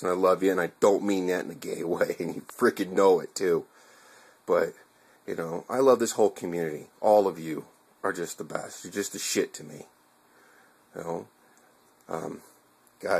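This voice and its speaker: Low-voiced guy rambling earnestly to his viewers, casual heartfelt vlog, swears a bit. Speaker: video blogger.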